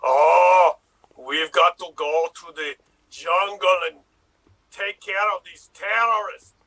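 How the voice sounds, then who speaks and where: A man with a high, bright voice plays up an improvised action scene with dramatic flair. He takes it slowly on a video call. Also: vocal fry, rough recording. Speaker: improv performer.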